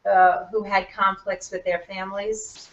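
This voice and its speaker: A woman's voice: medium pitch, little pitch movement, unhurried. A woman hosting a book club video call, reading questions to a guest author. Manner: asking questions from a list. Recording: echoey distant lo-fi video call.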